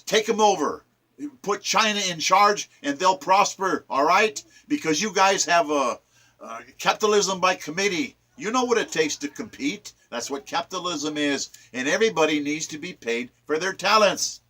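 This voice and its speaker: A man's voice: fairly high pitch, lively intonation, moderate pace, bright, forceful tone. A man reciting his own sonnets and following them with impassioned, preachy political commentary. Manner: ranting, preachy, emphatic.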